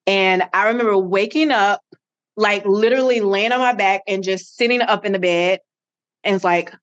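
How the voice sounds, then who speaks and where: A middle-aged woman, a podcast guest, telling a personal story with lively acted-out dialogue. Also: medium pitch, moderate pace, highs cut off. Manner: animated, acts out quoted dialogue.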